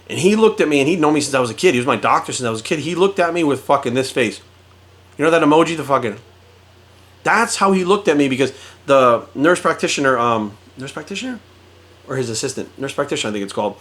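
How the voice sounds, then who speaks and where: A man's voice: medium pitch, fairly bright tone. A middle-aged man and fitness coach ranting bluntly to camera, swearing constantly and acting out quoted exchanges as he tells a story. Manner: blunt, heavily profane, storytelling with quoted voices. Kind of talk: profane direct-to-camera rant.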